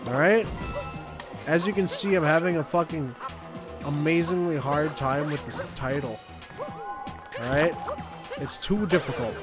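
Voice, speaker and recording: A young man commenting on a game as he plays, swearing often and joking excitedly. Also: on the high side, normal speed, long pauses, over music. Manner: profane, excitable, jokey. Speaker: gaming YouTuber. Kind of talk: let's play commentary.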